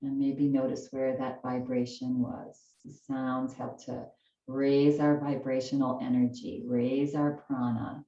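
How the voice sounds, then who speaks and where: A woman leading a gentle chair yoga class, giving soft, slow, soothing cues for breathing and stretching. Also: a bass voice, flat delivery, reverberant, far from the mic, lo-fi sound.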